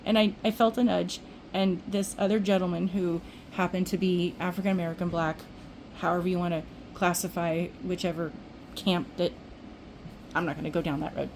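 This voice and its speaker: A woman's voice: lowish voice, flat delivery, normal speed, a little mellow, a little hiss or hum, rough recording. An older woman vlogging, telling a rambling everyday story in casual chat with restarts. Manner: chatty, rambling, with restarts and acted-out quotes.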